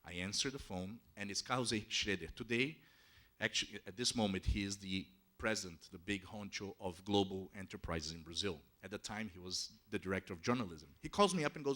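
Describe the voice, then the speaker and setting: A man telling a travel story to an audience in a lively, conversational way, dropping in frequent "you know" asides. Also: on the low side, brisk.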